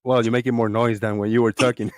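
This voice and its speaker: A man hosting a casual livestream chat, telling stories in an animated way and laughing often. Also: medium pitch, fast, dry recording. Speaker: livestream host.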